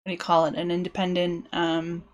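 Speaking briskly in a fairly low, completely flat voice, a UK woman streams herself building a tabletop game world. Her casual thinking-aloud rambles and breaks off mid-thought.

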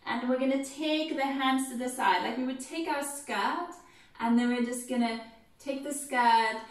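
A woman dance teacher guiding an online movement class with gentle, step-by-step instructions. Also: high voice, measured pace. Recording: very echoey room, mic far off.

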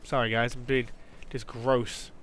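A man giving excitable let's play commentary, jumpy and quick to swear or squeal when scared. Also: mid-range voice, slight background noise. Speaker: gaming YouTuber.

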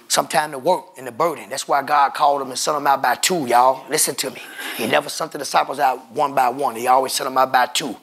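A man's voice: medium pitch, fairly even intonation, fast talker, creaky, hardly any pauses, fairly bright tone, breathy edge. A man preaching a sermon as pastor, emphatic and calling out to his congregation, with features.

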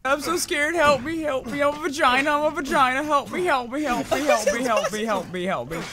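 A man's voice: very high voice, fairly quick, a loud crowd. A man mocking a whimpering, terrified young man. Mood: mock terror. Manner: mocking, whiny pleading. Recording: loud background noise.

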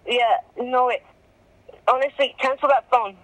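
A woman's voice: high-pitched, unhurried. A young woman on a phone call, rambling and scattered, swearing and apologizing as she talks. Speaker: caller.

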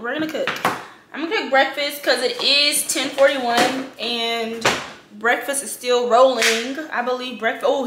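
A woman's voice: a little high, roomy sound, background noise. A young woman, chatting casually to her viewers in a prank vlog, swearing freely and laughing often. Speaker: vlogger. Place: home kitchen.

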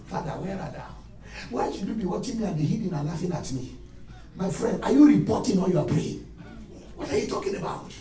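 Man preaching, high lively voice, shouts and low asides, echoey church hall, faint music. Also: brisk, far from the mic. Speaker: pastor. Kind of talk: sermon.

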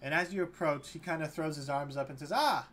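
A man serving as game master, narrating a tabletop game in a relaxed, loose way. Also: on the high side, quick pace, slight background noise.

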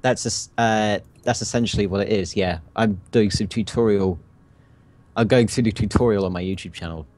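A man's voice: fairly low pitch, brisk, darkish tone. A man playing a game with a friend, casually teasing and explaining game mechanics. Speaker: guest gamer. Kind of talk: casual gameplay chat.

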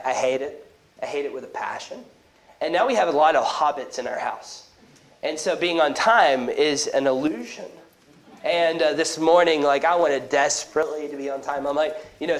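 A male pastor preaching a sermon in church, in a conversational, animated manner with quick restarts and asides. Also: a little high, low-quality recording. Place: church sanctuary.

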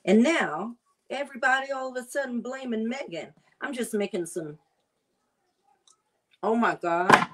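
A woman food vlogger chatting casually while she prepares and tastes seafood, savoring and drawn-out in her talk. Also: on the high side, animated, very noisy. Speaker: cooking vlogger. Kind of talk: casual chat while cooking.

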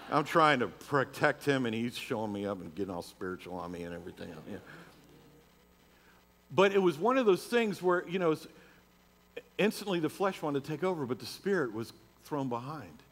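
A man's voice: medium pitch, big pitch swings, brisk, fairly bright tone, in a large hall. A middle-aged man preaching a sermon, moving from personal storytelling into emphatic declarations. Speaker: pastor. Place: church sanctuary.

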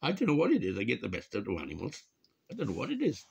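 A man's voice: mid-range voice, huge pitch swings, very fast, creaky, husky, highs cut off. A man talking casually and wryly to his camera in a rambling vlog monologue. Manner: chatty, wry, given to chuckling asides. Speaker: vlogger.

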